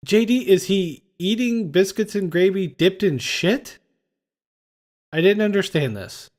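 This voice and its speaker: A man's voice: high voice, a little slow, darkish tone. A man hosting a casual movie-review podcast, recapping scenes and acting out lines. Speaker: podcast host.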